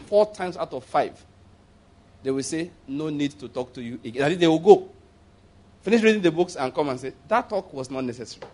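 Speaking a little high, a Nigerian pastor preaches in church, telling stories and repeating phrases for emphasis. He also leads the congregation in declarations.

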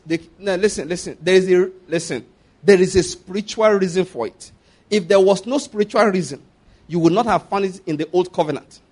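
Preacher guy, high voice, keeps asking if you're following. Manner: emphatic, repeats phrases, asks listeners if they follow. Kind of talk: sermon.

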